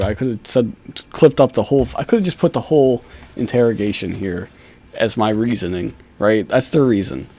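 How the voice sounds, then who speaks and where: A man's voice: mid-range voice, vocal fry, mellow, husky. Angry, profane man ranting. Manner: angry, profane, mocking, laughs scornfully. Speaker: YouTube commentator. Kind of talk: ranting video commentary.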